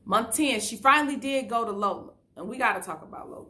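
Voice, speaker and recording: A woman's voice: on the high side, quick pace, sharp tone. A woman giving a casual, chatty recap of a TV episode, often retelling scenes in quoted dialogue. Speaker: YouTube reality-show recapper.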